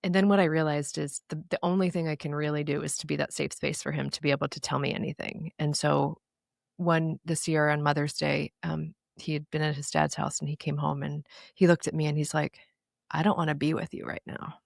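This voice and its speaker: A woman's voice: low voice, flat delivery, a little fast, gravelly, no room sound, studio quality. A woman in her thirties, a guest in an interview, telling personal stories in an earnest, reflective way. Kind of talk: candid interview conversation.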